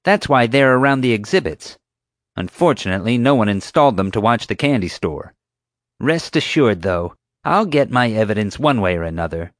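A man's voice: on the low side, lively intonation, moderate pace, dry recording, clean studio sound, voice pushed up, natural voice. A man voicing a bossy, sneering female park security officer who snaps and accuses. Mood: snapping. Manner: snapping, accusing, sarcastic.

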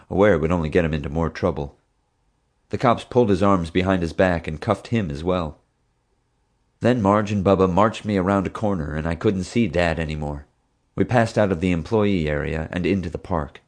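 A man reading an audiobook in steady, even first-person narration. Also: low-pitched, normal speed.

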